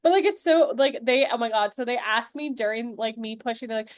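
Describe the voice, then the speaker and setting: A woman's voice: fairly high pitch, brisk, few pauses, dry recording, clean studio sound. A young woman co-hosting a podcast, chatting casually and laughing as she tells stories. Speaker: podcast co-host, new mother. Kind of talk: casual chat.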